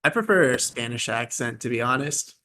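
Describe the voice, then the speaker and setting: A man's voice: mid-range voice, lively intonation, brisk, sharp tone. A young man co-hosting a podcast, joking around in casual, crude banter. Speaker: podcast co-host. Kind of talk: casual chat.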